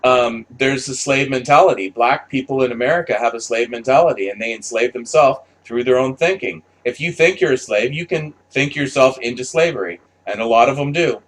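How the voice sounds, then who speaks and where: A man's voice: mid-range voice, brisk, hardly any pauses. A man delivering an unscripted, blunt monologue with lots of swearing and restarts. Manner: blunt, profane, rambling with restarts. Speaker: commentator.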